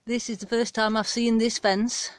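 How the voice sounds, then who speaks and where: A woman's voice: on the high side, flat delivery, moderate pace, no echo. Chatty British woman in her garden. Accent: British English. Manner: chatty, rambling, down-to-earth. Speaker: gardening vlogger. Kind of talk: casual chat. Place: outdoor back garden.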